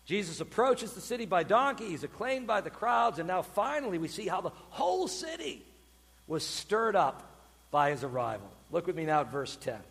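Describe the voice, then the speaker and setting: A man preaching a sermon, voicing the crowd's cries loudly as he explains the passage. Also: sits high, normal speed, vocal fry, in a large hall. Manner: animated preaching, calls out quoted cries loudly. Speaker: pastor.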